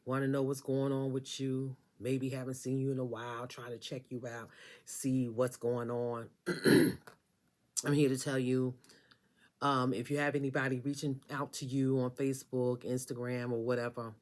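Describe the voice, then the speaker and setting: A woman's voice: a bass voice, completely flat delivery, moderate pace, darkish tone. A woman giving a casual tarot reading, talking straight to the listener in an emphatic, sassy way and repeating phrases for effect. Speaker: tarot reader.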